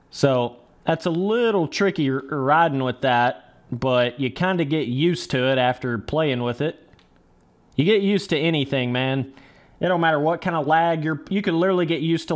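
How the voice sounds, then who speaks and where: A young man streaming a motocross game live, swearing casually, coaching himself through the race and chatting with viewers. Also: on the high side. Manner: casual, profane, talks to chat as brother and dudes; talks himself through the race under his breath. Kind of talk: live gameplay commentary.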